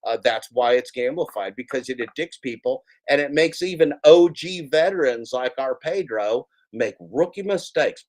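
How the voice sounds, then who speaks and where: A man's voice: mid-range voice, animated, moderate pace, hardly any pauses, a little mellow. A man hosting a casual reaction stream, commenting on clips with playful, jokey mock warnings to his viewers.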